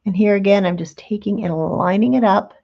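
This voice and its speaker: A woman's voice: mid-range voice, a little fast, gravelly, warm tone, lo-fi sound. A woman hosting a craft tutorial, talking patiently and chattily through each step while she works with her hands. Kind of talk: relaxed step-by-step craft demonstration.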